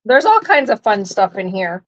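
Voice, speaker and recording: A woman co-hosting a live-stream auction, calmly describing the items she shows. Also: medium pitch, normal speed, lo-fi sound. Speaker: co-host showing auction items. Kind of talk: casual live-stream commentary.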